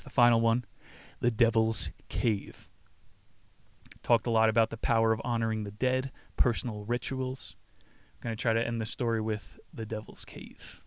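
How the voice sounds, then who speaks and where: A man's voice: medium pitch, clear, resonant tone, dry recording. A man hosting a podcast who casually comments on a book and reads it aloud, rambling in profane slang. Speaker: podcast host.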